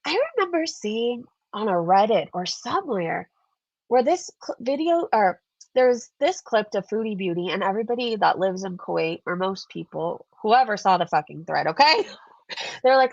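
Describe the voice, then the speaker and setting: Gravelly, congested woman vlogger. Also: medium pitch, sing-song, normal speed, dry recording, dull audio. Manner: chatty, sarcastic, laughs often. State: stuffed up, congested. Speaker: commentary channel host. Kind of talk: casual commentary vlog reading viewer comments.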